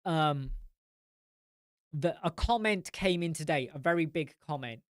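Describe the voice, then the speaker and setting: Male host, smooth dry close-mic voice, blunt ranting live-chat style. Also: on the high side, measured pace, no echo. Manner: blunt, rambling, swears. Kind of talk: casual live-stream chat.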